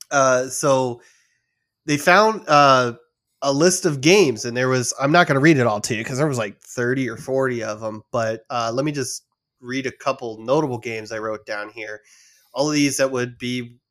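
A man's voice: medium pitch, fairly bright tone. A man hosting a casual gaming podcast, rambling and reading out a list of rumored titles with frequent restarts. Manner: rambling, reads out lists with restarts. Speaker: podcast host. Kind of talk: casual chat about game news.

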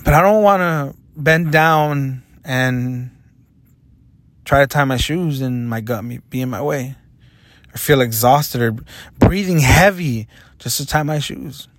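A man's voice: medium pitch, a little slow, no echo. A young man talking earnestly and self-critically in a confessional vlog monologue. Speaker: vlogger.

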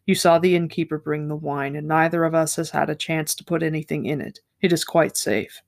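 A man reads as a calm warrior guardian who speaks with measured patience. The lines are delivered evenly, like a passage read aloud from a fantasy book. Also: fairly high pitch, gravelly. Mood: patient.

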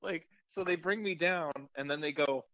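A man co-hosting a podcast, telling an animated story in casual chat, swearing often and acting out the people he met. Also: on the high side, normal speed, no echo, lo-fi sound. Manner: animated storyteller, swears a lot, acts out voices. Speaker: podcast co-host.

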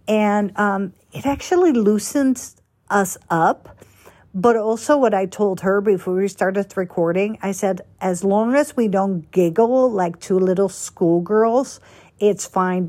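A woman podcast host talking casually, telling stories in a chatty, animated way with quick asides. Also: mid-range voice. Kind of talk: casual chat.

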